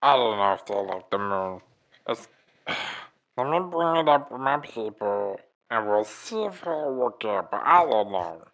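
A man's voice: on the low side, very animated, unhurried, a bit bright, full character voice, low-quality recording. A man voicing a bumbling alien woman envoy who rambles in folksy, rustic grammar, in an improv comedy scene. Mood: insistent.

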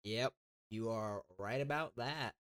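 Excitable man in casual chat, mid voice. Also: mid-range voice, takes it slowly, clear, resonant tone, no room sound, clean studio sound. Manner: excitable, laughs a lot, swears casually. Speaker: podcast co-host.

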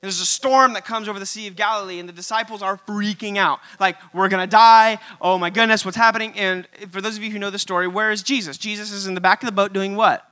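A man preaching a church sermon, building to loud emphatic peaks and repeating his key lines. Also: high-pitched, fairly even intonation, fast, hardly any pauses. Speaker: pastor.

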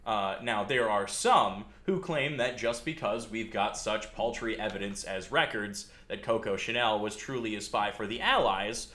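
Man, low pitch, bright forceful tone, casual sardonic storyteller, echoey room. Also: normal speed, hardly any pauses. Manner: sardonic asides, frequent "uh". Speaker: podcast host telling a history story.

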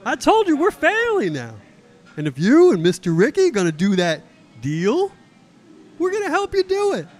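A man's voice: very high-pitched, wildly swooping pitch, moderate pace, soft background music, heavily acted. A man voicing a pushy, chirpy woman on hospital staff who talks in a folksy, overbearing sing-song for an improvised comedy bit. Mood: pushy cheerful. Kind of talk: improvised comedy role-play.

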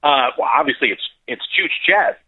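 A man's voice: fairly high pitch, expressive, moderate pace, breathy edge, no room sound. A young man calling in as a podcast guest, chatting casually and rambling with lots of fillers and jokes. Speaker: podcast guest on a phone call. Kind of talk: casual chat. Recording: dry tinny phone line.

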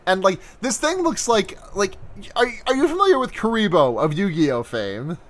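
Male co-host, higher voice, loose rambling recap delivery full of fillers. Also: sing-song, normal speed. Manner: rambling, many "like" fillers and restarts. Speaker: podcast co-host. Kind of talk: casual anime episode recap chat.

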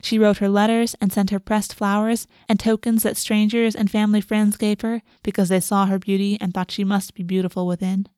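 Woman reading a dark fantasy story. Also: mid-range voice, flat delivery, a little fast, few pauses, clear, resonant tone, dry recording, studio quality. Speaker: narrator. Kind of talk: storybook narration.

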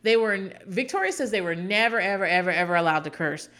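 A woman's voice: mid-range voice, animated, fast talker, a bit bright. A woman hosting a podcast, recapping a reality show in casual, rambling chat with sarcastic asides.

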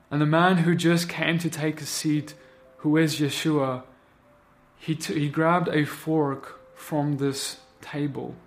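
A man's voice: a little high, fairly even intonation, unhurried. A man preaching a sermon, recounting a vision and building into impassioned, repetitive exhortation.

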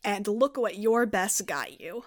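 A woman's voice: mid-range voice, lively intonation, unhurried, no room sound. A woman plays a resentful young woman who demands why she must suffer for her family. She pleads and accuses in a dry, close recording. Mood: accusing. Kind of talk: tabletop role-play in character.

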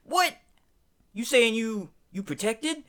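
A woman playing a brash male street thug, talking loud in a tough-guy manner in a comedy improv scene. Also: fairly high pitch, animated, measured pace, heavily acted.

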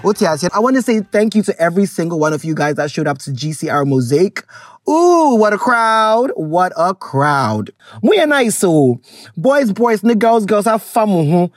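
Lively Ghanaian woman podcast host. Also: fairly low pitch, fairly quick, no room sound, studio quality. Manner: animated, switching between English and Twi, exclamatory. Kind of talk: casual solo podcast monologue.

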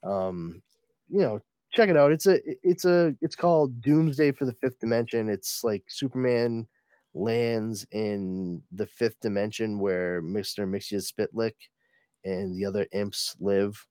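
A man's voice: fairly low pitch, a little slow, dark tone, clean tone, no echo. A man hosting a casual comics podcast, rambling through a story recap with plenty of fillers and swearing. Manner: rambling, profane, many fillers. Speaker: podcast host reviewing comics.

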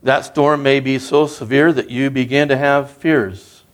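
A man's voice: mid-range voice, steady tone, measured pace. Earnest man preaching a sermon. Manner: earnest, conversational preaching with rising emphasis. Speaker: guest preacher.

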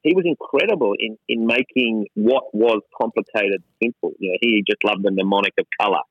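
A man's voice: fairly low pitch, fairly quick, dry recording, highs cut off. A middle-aged Australian man talking casually and irreverently as an interview guest, mocking himself and restarting often. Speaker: gin company co-founder, guest. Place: gin distillery lab.

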